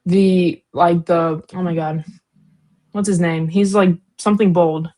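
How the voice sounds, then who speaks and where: A woman with a somewhat low voice chats through a book recap in a loose, rambling way. She leans on fillers and slang, often breaks into giggles, and loses her train of thought along the way. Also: fairly even intonation, measured pace, dark tone. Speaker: co-host, daughter. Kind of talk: casual book discussion.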